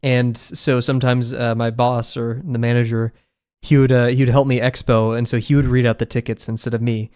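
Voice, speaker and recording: Easygoing male streamer, mid-pitched, rambles and laughs while he draws. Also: little pitch movement, fairly quick, darkish tone, smooth. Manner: rambling, laughs often, many fillers. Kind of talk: casual chat while drawing.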